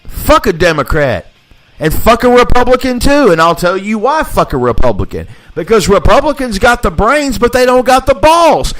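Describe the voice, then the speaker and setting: A fired-up man hosting a live show, swearing through a heated rant and hammering his points by repeating them. His voice sits high and swings widely in pitch. He talks casually, with no polish. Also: a bit bright. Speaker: podcast host. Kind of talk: casual profane political rant.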